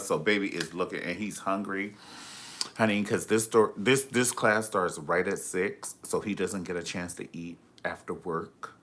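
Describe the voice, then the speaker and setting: A man's voice: low voice, measured pace, a bit bright, slight background noise. A man hosting a casual live stream, telling gossipy stories in a sassy, flamboyant, profane way and calling people honey.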